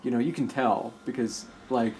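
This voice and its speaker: A man's voice: medium pitch, steady tone, normal speed, darkish tone, a little hiss or hum. An American man co-hosting a casual gaming stream, rambling through his opinions with frequent restarts and lots of "like". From United States. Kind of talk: casual chat while playing a game.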